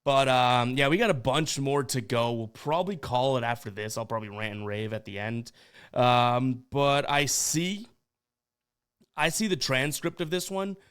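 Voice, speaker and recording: A man's voice: mid-range voice, moderate pace, fairly bright tone, clean tone. A man from Boston hosting a podcast, reacting to voicemails in a casual, chatty way with frequent laughs. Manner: chatty, laughs often, stumbles over words. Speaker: podcast host.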